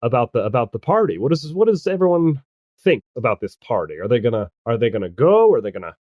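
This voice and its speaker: A man narrating a tabletop role-playing game as game master, chatty and halting, often laughing as he goes. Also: mid-range voice, sing-song, dry recording, phone-quality sound.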